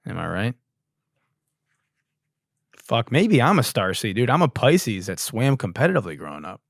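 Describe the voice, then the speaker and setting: This is a young male podcast host doing crude, sarcastic comedy riffs in a casual style, lurching between mumbling and loud outbursts. His mid-range voice is sing-song with vocal fry, at a moderate pace with long pauses. It's studio-quality audio with no room sound.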